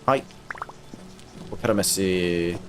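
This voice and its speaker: A man's voice: deep voice, slow, over music. A man streaming a video game live, chatting casually with viewers, swearing often and grumbling in frustration. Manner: profane, frustrated, talks to chat. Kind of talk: casual live gameplay commentary.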